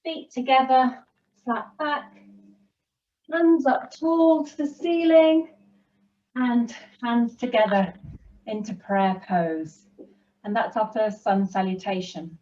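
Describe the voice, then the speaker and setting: A woman teaching a children's yoga class and giving gentle, encouraging instructions to young kids. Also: fairly high pitch, slow pace, long pauses, far from the mic, dull audio. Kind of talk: guiding a kids' yoga class.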